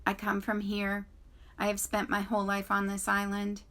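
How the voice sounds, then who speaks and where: Woman reading as Roz, a calm polite robot. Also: medium pitch, normal speed, natural voice.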